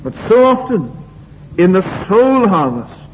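A man's voice: high voice, sing-song, measured pace. A man preaching a sermon in a chapel, earnest and repetitive, asking the congregation rhetorical questions. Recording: dull, lo-fi recording in a reverberant hall.

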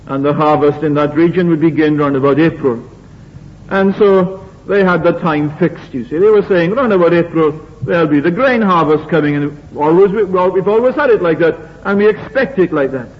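A man's voice: fairly high pitch, normal speed. A man preaching a sermon in a chapel, earnest and repetitive, asking the congregation rhetorical questions. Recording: dull, lo-fi recording in a reverberant hall.

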